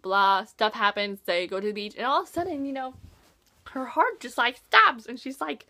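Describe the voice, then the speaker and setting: A high-voiced teenage girl talking in a casual book review vlog. She gushes in a chatty way, full of "like" fillers, and reacts with lively asides as she retells the story. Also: moderate pace. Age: teens.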